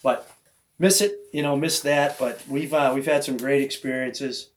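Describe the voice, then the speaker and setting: A man's voice: mid-range voice, normal speed. A man hosting a podcast, telling a hunting story in casual chat and acting out the other people's voices. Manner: animated storyteller who acts out voices of others. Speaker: podcast host.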